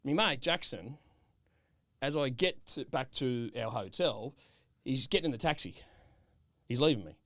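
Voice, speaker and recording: A man co-hosting a podcast, telling a rambling travel story in animated, casual chat and checking in with "right?". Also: mid-range voice, normal speed, long pauses, dry recording, studio quality. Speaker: podcast co-host.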